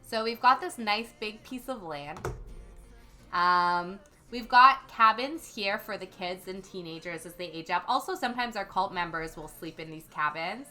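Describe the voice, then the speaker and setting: A young woman chats casually on a gaming livestream, reading comments from viewers aloud and filling gaps with frequent ums. Her voice is bright and clear, with soft music playing faintly behind her. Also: mid-range voice, animated, moderate pace. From Canada. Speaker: livestream host.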